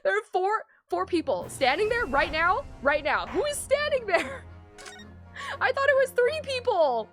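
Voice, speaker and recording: A woman's voice: very high voice, sing-song, a little slow, fairly bright tone, soft background music. A young woman streaming a courtroom game, chatting casually with her chat, giggly and flustered. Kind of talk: casual let's-play commentary.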